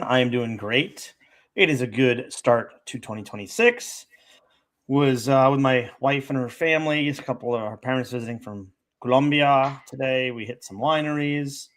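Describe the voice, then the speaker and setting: A man co-hosting a casual livestream, relaxed and chatty. He teases his co-host with a playfully formal turn of phrase. His voice sits at an average pitch. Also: moderate pace. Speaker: podcast co-host.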